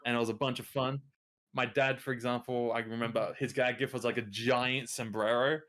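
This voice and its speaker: A man's voice: medium pitch, fairly even intonation, fairly quick, a bit bright. A man telling a rambling holiday story in a casual chat. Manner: easygoing, rambling, laughs at his own stories.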